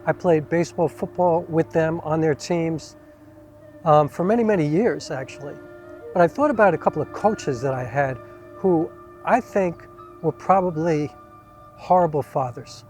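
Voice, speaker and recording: A man casually telling a rambling personal story outdoors, talking in an animated, conversational way with side remarks. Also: a little high, normal speed, soft background music. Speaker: vlogger. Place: outdoors under trees.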